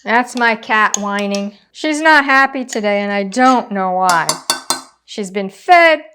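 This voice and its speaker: A woman's voice: mid-range voice, animated, slow, background noise. A woman hosting a casual home cooking demonstration, chatting through each step as she cooks in her kitchen. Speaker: cooking channel host.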